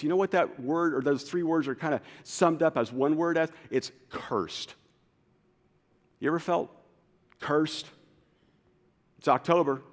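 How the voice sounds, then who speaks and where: A man preaching a sermon as pastor, swinging from loud, urgent lines to quiet, low ones. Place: church auditorium. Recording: long hall reverb.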